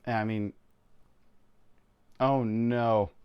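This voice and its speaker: A man's voice: lowish voice, steady tone, extremely slow, smooth, lo-fi sound. A man from Canada streaming a game, chatting casually, laughing often and poking fun at himself. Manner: chatty, laughing, self-deprecating. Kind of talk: casual gameplay chat.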